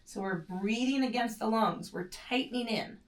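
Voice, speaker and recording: Her voice is a little high and her pace normal as she talks a mat pilates class through the exercises, doing them alongside and breathing in short, strained breaths. She corrects herself casually, and the recording is echoey and far from the mic.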